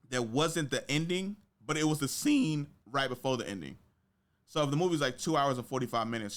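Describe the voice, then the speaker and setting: A man hosting a podcast, telling stories in casual chat, slangy and swearing, acting out quotes with big jumps in his voice. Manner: animated storytelling, acts out quotes with big pitch jumps. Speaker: podcast host.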